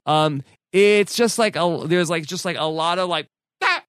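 A man's voice: a little high, normal speed, clean tone, no room sound, studio quality. A man on a podcast, casually telling a story with many fillers and restarts. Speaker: podcast co-host. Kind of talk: casual chat recounting a story.

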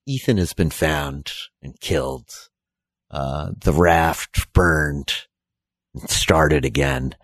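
A man narrating as game master of a tabletop role-playing game, telling the story in a relaxed way full of fillers. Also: very deep voice, takes it slowly, no echo.

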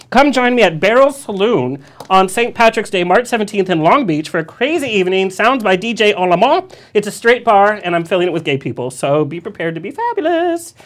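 A man's voice: sits high, a bit bright. Campy man hosting a radio show. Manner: campy, joking, rapid plugs. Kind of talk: live radio show chat and announcements.

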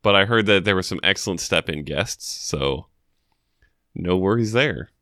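A man co-hosts a sports podcast with a bright, smooth, fairly low voice. He chats in a laid-back way and laughs easily. The close mic gives a dry sound with no room echo. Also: expressive, moderate pace. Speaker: podcast co-host. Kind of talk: casual sports chat.

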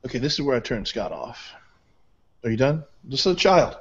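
A man's voice: mid-range voice, sing-song, fairly quick, gravelly, husky, dull audio. A man arguing heatedly as a guest on a live online show, combative and repeating himself to talk over his opponent. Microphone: video call.

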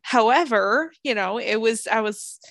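A woman in her thirties co-hosting a podcast over a remote call, chatting casually and telling stories with lively acted-out voices. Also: on the high side, a little slow, dry recording. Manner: animated storyteller, acts out voices, laughs often. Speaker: podcast co-host. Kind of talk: casual chat. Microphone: headphones over a video call.

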